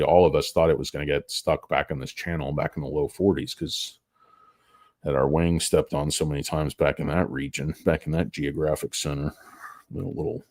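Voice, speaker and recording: Middle-aged male stream host, very low voice, dry close sound, rambling and crude. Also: no echo. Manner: crude joking asides, tangents, loud bursts. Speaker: stock market livestream host. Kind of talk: rambling casual market commentary.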